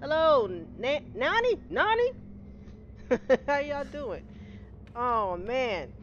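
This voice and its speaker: A middle-aged woman with a high voice draws out her words while streaming a game live, greeting viewers by name, chatting casually, and laughing frequently. The audio is a slightly dull home-stream recording with steady noise.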